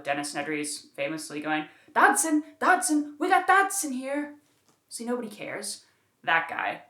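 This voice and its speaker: A woman's voice: on the low side, fairly bright tone. A woman reviewing a book in her own room, chatting casually and emphatically with lots of fillers. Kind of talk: casual chat. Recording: roomy echo.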